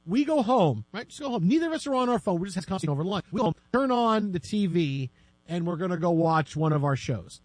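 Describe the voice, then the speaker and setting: A man hosts a casual sports chat and tells jokey, animated stories. His voice is high for a man, and the sound is dry and close. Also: fast, no room sound. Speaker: sports podcast host.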